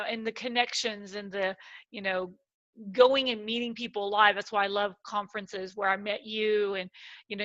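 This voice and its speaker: A woman speaker telling stories in conversation, animated and acting out her own excited quoted lines. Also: medium pitch, dry recording, dull audio. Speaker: guest speaker. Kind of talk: lively storytelling in conversation.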